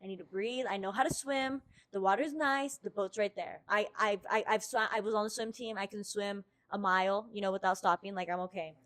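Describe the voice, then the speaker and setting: A woman's voice: mid-range voice, steady tone, fairly quick, hardly any pauses, fairly bright tone. A young woman from the United States, hosting a podcast and telling a story casually, swearing constantly and acting out her own quotes. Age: young adult. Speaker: podcast host.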